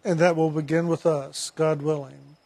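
A man giving a sermon, telling a story in a slow, reflective way with retold dialogue. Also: a little high, little pitch movement, gravelly, dark tone.

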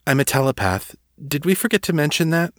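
A man voicing a cheerful young woman telepath who talks briskly and gently coaxes. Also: on the high side, big pitch swings, no echo, studio quality, pitched above the performer's own voice.

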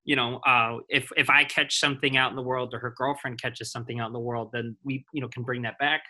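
A man's voice: mid-range voice, level tone, fast, pushed and bright. A man co-hosting a podcast in easygoing casual chat, often agreeing and saying "you know". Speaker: podcast co-host.

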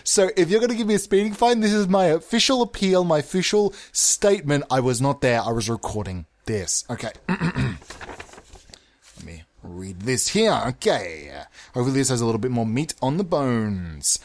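Man ranting on a comedy podcast, fake offended, over-enunciates, voice a bit high and all over the place. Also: big pitch swings, moderate pace. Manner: indignant, mock-offended, theatrical; over-enunciating, sliding between exaggerated high and low voices. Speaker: podcast host.

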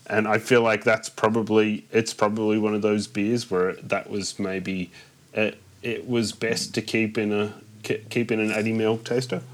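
A man leads a relaxed chat among friends. His voice sits a little low, and he often pauses and restarts mid-sentence. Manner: hesitant, many ums and restarts. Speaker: podcast host. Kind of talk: casual chat.

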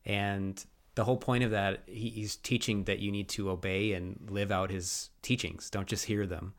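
A man's voice: on the low side, steady tone, normal speed. A man co-hosting a faith podcast, talking in an earnest, thoughtful way with frequent restarts. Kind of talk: reflective faith podcast talk.

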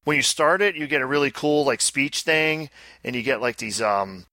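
A man's voice: medium pitch, lively intonation, pushed and bright, no echo. A man co-hosting a casual podcast, rambling and joking about pinball machines. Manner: rambling, joking, fast asides. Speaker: podcast co-host. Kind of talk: casual chat.

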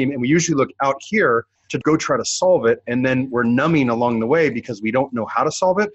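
A man's voice: medium pitch, fast talker, few pauses, breathy edge, dry recording, lo-fi sound. A man talking as a coach in an earnest, reflective way, circling back on his phrases in a podcast conversation.

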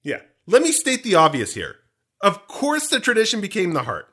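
رجل مرح بصوت حاد ومشرق. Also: male voice, high voice, huge pitch swings, a bit bright, breathy edge. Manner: jokey, rambling, quick voice changes for bits. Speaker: podcast host. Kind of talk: comedic podcast banter.

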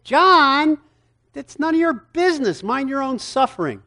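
A man doing a curt, high-pitched blunt master. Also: very animated, measured pace, sharp tone, full character voice. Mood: brusque. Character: brisk no-nonsense male teacher, blunt.

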